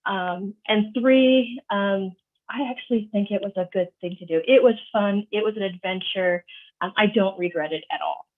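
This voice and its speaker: A woman storyteller telling a personal anecdote to an audience, lively and acting out the voices of her family. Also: mid-range voice, normal speed. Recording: tinny phone-like video call audio.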